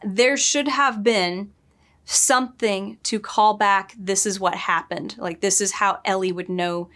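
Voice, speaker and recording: A woman talks through a game she is watching in a loose, chatty way. She is opinionated and throws in quick asides. Her voice sits at an ordinary middle pitch. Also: steady tone, fairly bright tone. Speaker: book editor reviewing a game. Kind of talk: casual commentary over gameplay.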